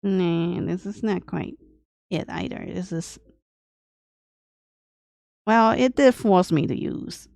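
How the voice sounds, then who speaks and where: A woman artist thinking aloud as she draws on a livestream, talking in a deliberately aged, grandma-like voice in short, broken phrases. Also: on the low side, vocal fry, darkish tone, no echo, clean studio sound. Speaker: artist streaming her drawing process. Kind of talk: casual livestream commentary while drawing.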